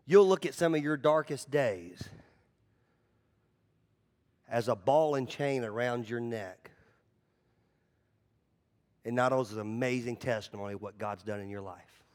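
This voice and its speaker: A man's voice: medium pitch, measured pace, pauses often. A man preaching a conversational sermon as the pastor, telling stories animatedly and often repeating words as he goes. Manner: animated storytelling, repeats words, acts out voices.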